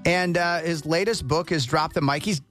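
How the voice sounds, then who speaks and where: A man's voice: on the high side, normal speed, fairly bright tone, soft background music. A man hosting a morning radio show, upbeat and chatty.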